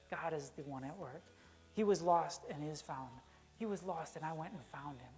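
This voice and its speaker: A man's voice: a little high, darkish tone. A man preaching a conversational sermon in a church, acting out the characters he quotes. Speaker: pastor. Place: church sanctuary.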